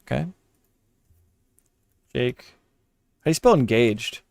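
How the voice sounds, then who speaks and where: A man's voice: mid-range voice, lively intonation, slow, vocal fry, darkish tone, no echo, clean studio sound. A man doing live commentary while editing, muttering, repeating words under his breath and cursing in frustration. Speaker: commentary streamer.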